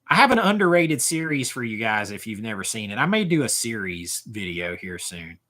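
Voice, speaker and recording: A man's voice: fairly low pitch, very animated, moderate pace, bright, forceful tone. A man in his forties hosting a casual livestream, rambling as he answers chat comments, often trailing off and restarting. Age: 40s. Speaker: livestream host.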